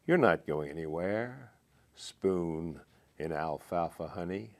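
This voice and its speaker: An older American poet reading his poems aloud and reflecting on them between readings, in a slow, measured way with thoughtful pauses. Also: low voice, expressive. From United States. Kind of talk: poetry reading and reflective talk. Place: TV studio.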